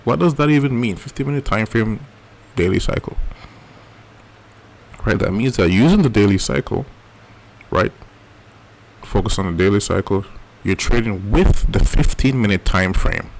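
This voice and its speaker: A man's voice: on the low side, animated, normal speed, creaky, a little hiss or hum. A man teaching a live trading lesson in a casual coaching way, often checking in with "right?". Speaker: trading educator.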